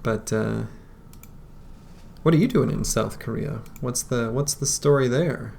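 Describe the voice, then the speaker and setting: A man's voice: medium pitch, unhurried, vocal fry, darkish tone, slight background noise. A man streaming a strategy game, chatting casually and greeting viewers as he plays. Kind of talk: casual live-stream chat. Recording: faint music behind.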